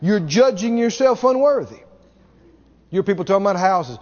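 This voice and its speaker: Expressive and high-pitched with a darkish tone, a pastor delivers his sermon at a moderate pace with long pauses, stressing and repeating key words and mimicking others with a laugh. It was captured in a dull, echoey hall.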